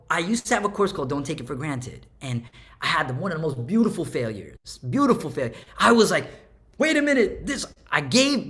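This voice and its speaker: A guest artist and educator, a man with a fairly high-pitched voice, tells stories in a lively, animated conversation, acting out quotes with big vocal swings and slangy speech.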